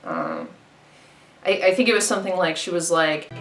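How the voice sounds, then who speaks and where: A young woman telling a comic story in an animated way, acting out the quotes loudly. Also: moderate pace, pauses often. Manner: lively, acts out quotes with loud pitch jumps. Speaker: comedic storyteller. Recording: roomy echo with faint music.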